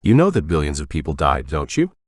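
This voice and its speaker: A man's voice: very deep voice, wildly swooping pitch, fairly quick, no echo, clean studio sound, exaggerated voice. A man voicing a blunt, combative female army specialist who has no sympathy for the old man. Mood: confrontational. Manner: curt, combative.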